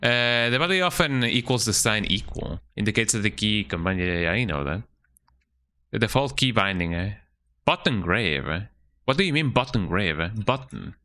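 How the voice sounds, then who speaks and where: A man's voice: lowish voice, lively intonation, normal speed, bright, forceful tone. A man streaming a game, chatting casually and muttering to himself as he reads setup steps aloud, often ending lines with "eh?". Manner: chatty, tags sentences with "eh?", mutters while reading instructions aloud. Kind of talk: casual live-stream chat.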